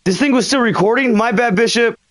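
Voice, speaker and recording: A man doing casual let's play commentary, muttering to himself in a game and breaking into loud, dramatic outbursts. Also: very high-pitched, brisk, no echo. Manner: animated, swings from mumbling to yelling at a ghost. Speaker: gaming streamer.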